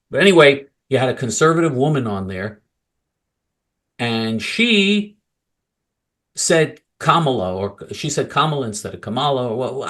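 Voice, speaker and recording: A male political commentator ranting angrily and mockingly, swinging from loud outbursts to low mutters.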